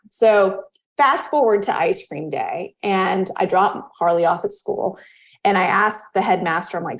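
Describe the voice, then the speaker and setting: A woman in her thirties, a podcast guest, telling a personal story in casual chat and acting out the quoted voices with lively jumps in pitch. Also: normal speed. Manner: animated, acts out quoted dialogue with pitch jumps.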